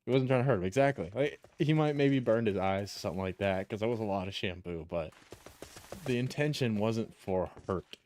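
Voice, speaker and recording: A man's voice: lowish voice, a little fast, a little mellow, a little hiss or hum. A young man streaming a game, chatting casually in a rambling, profane way while he plays. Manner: rambling, profane, chuckles while telling stories. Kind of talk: casual chat while gaming.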